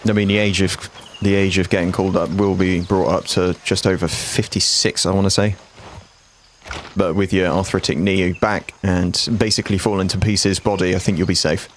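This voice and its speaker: Low-voiced streamer in his forties. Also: flat delivery, moderate pace, a little hiss or hum. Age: 40s. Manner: blunt, chatty, swears freely, talks to chat. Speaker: game streamer. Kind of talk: casual live-stream chat.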